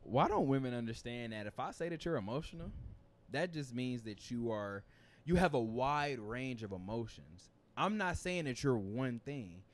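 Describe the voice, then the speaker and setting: A male podcast host chatting with friends in an indoor room. His voice sits at an ordinary middle pitch. He rambles through stories in a loose, profane, casual way. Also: lively intonation, moderate pace.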